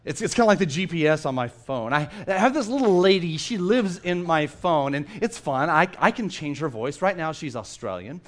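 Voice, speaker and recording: Guy pastor preaching, high-ish voice, chatty storytelling, kinda stumbles on first words. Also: moderate pace, hardly any pauses. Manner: storytelling, animated, repeats words when starting. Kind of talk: sermon.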